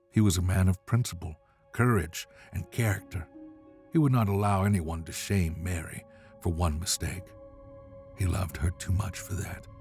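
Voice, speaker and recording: Very deep-voiced male storyteller. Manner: measured, dramatic. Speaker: narrator. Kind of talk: scripted storybook narration.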